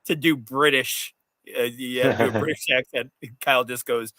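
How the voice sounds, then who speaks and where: A man's voice: medium pitch, steady tone, brisk, bright, forceful tone, dry recording. A man hosting a podcast in casual sports chat, rambling, cutting himself off, and laughing often. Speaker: podcast host.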